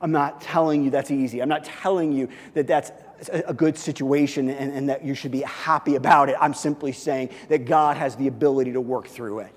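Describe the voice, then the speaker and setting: A male pastor preaching a sermon, moving from loud, punchy emphasis to quiet, earnest intensity. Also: mid-range voice, steady tone, a little fast. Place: church sanctuary. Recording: long church reverb.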